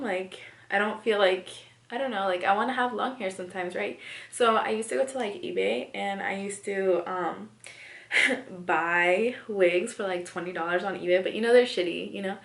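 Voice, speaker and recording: A woman's voice: mid-range voice, normal speed, gravelly. A young woman vlogger telling a story in casual chat, rambling with lots of "like" and "you know" fillers. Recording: echoey room.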